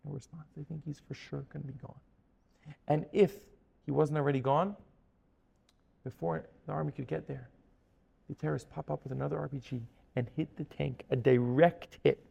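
Gravelly man preaching in a reverberant hall. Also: fairly high pitch, steady tone, moderate pace, dull audio. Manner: dramatic, swings from hushed to emphatic. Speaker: Torah teacher. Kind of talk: storytelling sermon.

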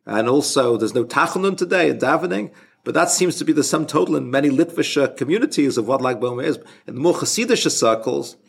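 A man giving an informal spoken religious lesson as a rabbi, halting and often restarting his sentences. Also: a little high, lively intonation, creaky, slightly rough. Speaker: rabbi teaching a class.

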